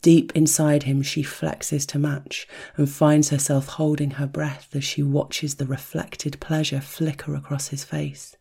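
Hushed, breathy, slow erotic storyteller. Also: medium pitch, little pitch movement. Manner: soft, hushed, rhythmic delivery that drops into whispers. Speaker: narrator.

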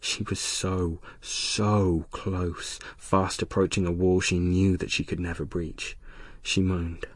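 A man narrating an erotic audiobook in a slow, hushed, lingering delivery. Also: low-pitched, little pitch movement, no echo.

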